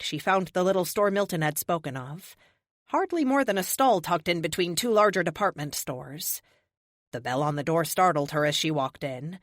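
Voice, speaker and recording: A woman narrates an adventure audiobook with steady, expressive storytelling. Her voice sits a little low yet moves lively in pitch, recorded close and dry. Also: dry recording. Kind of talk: scripted narration.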